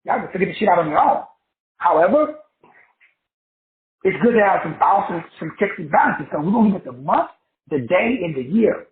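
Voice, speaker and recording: A man's voice: high-pitched, big pitch swings, fairly quick, pauses often, roomy sound, phone-quality sound. A man giving a motivational lecture to his class as host, talking in a preachy, repetitive and colloquial way. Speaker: online teacher and host.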